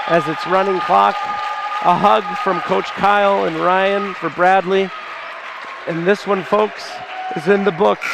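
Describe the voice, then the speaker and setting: A man in his forties calling a live high school basketball game with a stuffed-up nose, fond and folksy. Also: vocal fry. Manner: fond, folksy, often near tears. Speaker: play-by-play announcer. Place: school gymnasium, in the stands. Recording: gym crowd noise behind the voice.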